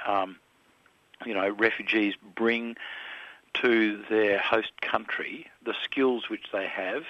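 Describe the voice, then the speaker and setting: A man's voice: on the low side, steady tone, takes it slowly, no room sound, dull audio. A man in his seventies with an Australian accent, a filmmaker answering interview questions thoughtfully, with hesitations and restarts. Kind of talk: reflective radio interview.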